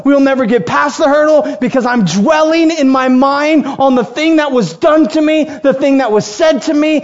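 A man's voice: very high-pitched, dull audio. A man preaching as pastor, emphatic and repeating key phrases as he builds his lists. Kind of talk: sermon.

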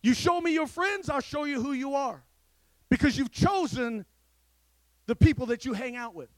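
American male pastor, very high voice, call-and-response sermon style, dry close sound. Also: animated, moderate pace, no room sound. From United States. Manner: call-and-response preaching, repeats words.

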